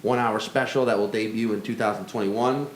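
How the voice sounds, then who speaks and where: A man's voice: fairly low pitch, steady tone, fairly quick, reverberant, a little hiss or hum. A man co-hosting a comedy podcast, bantering casually and making jokes. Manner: joking, puts on silly voices. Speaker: podcast co-host. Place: studio backyard, outdoors.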